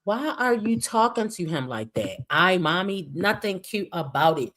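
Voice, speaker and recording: A woman's voice: fairly low pitch, expressive, unhurried, a bit bright. A woman hosting a reaction vlog, blunt, profane and sassy, leaning on catchphrases. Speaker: reaction channel host.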